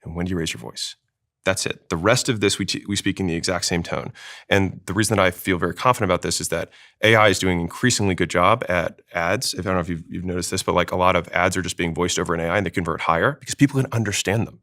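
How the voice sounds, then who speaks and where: Male sales teacher on a panel; very low, fast, emphatic delivery. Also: a bit bright. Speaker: sales expert guest. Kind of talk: panel discussion.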